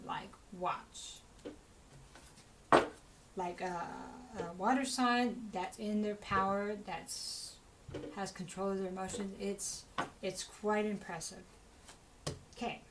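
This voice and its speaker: A woman's voice: mid-range voice, steady tone, slow, pauses often, background noise. Chatty woman giving a tarot reading. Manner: chatty, rambling, full of "you know" asides; encouraging, talks straight to the listener. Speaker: tarot reader. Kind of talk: casual spoken tarot reading.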